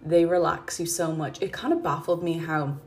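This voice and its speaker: A woman hosting her podcast, talking in a calm, chatty, rambling way into her phone at home. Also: low-pitched, moderate pace. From Ireland. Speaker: podcast host and mindset coach. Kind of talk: casual spoken podcast chat. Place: her apartment.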